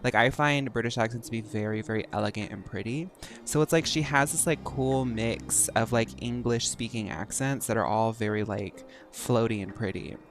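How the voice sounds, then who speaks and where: An American streamer talks over his game in a loose, rambling way, full of fillers. His voice sits at an ordinary middle pitch, with faint game music behind him. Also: steady tone, moderate pace. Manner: chatty, rambling, filler-heavy. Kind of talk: casual gameplay commentary.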